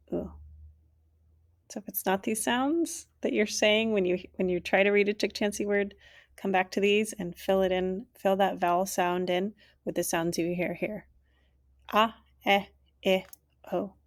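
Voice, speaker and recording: A woman teaching a language lesson, saying each word slowly and clearly and then repeating it. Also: medium pitch.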